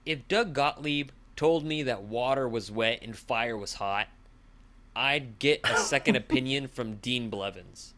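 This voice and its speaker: A bright, forceful-sounding man, talking casual sports chat. He rants with exasperation and his voice jumps way up when he gets worked up. Mid-pitched and conversational. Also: measured pace. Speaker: sports talk host.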